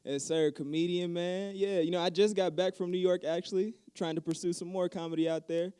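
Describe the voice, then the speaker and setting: A man's voice: high voice, steady tone, brisk, warm tone, clean tone. A man with a New Mexican accent doing a stand-up set, cocky and laid-back as he tells his stories. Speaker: stand-up comedian. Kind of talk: stand-up comedy.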